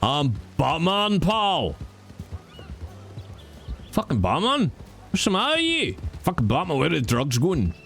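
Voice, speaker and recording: A man doing a brash, sweary Batman with a put-on Scottish accent, pitched high above a normal voice and swinging wildly up and down. He blusters and curses like an angry man down the pub. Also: wildly swooping pitch, unhurried, pauses often, fairly bright tone, faint music behind, heavily acted. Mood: blustering.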